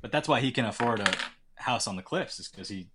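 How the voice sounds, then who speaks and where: A man's voice: medium pitch, expressive, brisk, heavy background noise. A man hosting a podcast, chatting casually, curious and joking, firing off questions. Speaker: podcast host. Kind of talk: casual chat.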